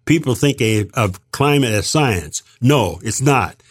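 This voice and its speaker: A man's voice: medium pitch, lively intonation, a little slow, no echo. An older man delivering a heated, rambling opinion monologue as a podcast co-host, emphatic and indignant, with frequent restarts.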